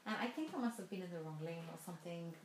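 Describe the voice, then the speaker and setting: A woman's voice: lowish voice, quick pace, roomy sound, a little hiss or hum. A woman giving a motivational talk to a live audience, telling stories with laughs and direct questions to her listeners. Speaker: motivational speaker.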